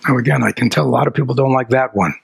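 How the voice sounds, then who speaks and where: Raspy guy teaching buddhist stuff, keeps asking the crowd questions, whispers sometimes, dry sound. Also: mid-range voice, rapid-fire, no echo, rough recording. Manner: animated, asks the audience rhetorical questions. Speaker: dharma teacher. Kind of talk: Buddhist dharma talk.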